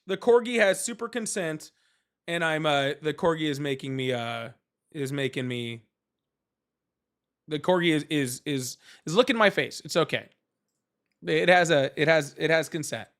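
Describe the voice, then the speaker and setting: A man's voice: on the high side, moderate pace, a bit bright, clear, resonant tone. A young man hosting a live political call-in stream, talking loosely and profanely with lots of fillers and restarts. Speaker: livestream host. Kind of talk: casual livestream debate with callers.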